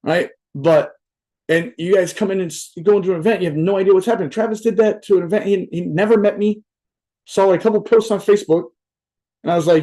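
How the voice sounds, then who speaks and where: A young adult man gives a virtual motivational talk in a loose, rambling way, swearing now and then and checking in with "right?" after nearly every point. His voice sits a little high. Its tone is soft and mellow, never sharp. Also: fast. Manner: rambling, profane, filler-heavy with many "right?" asides. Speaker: motivational speaker. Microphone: virtual event talk mic.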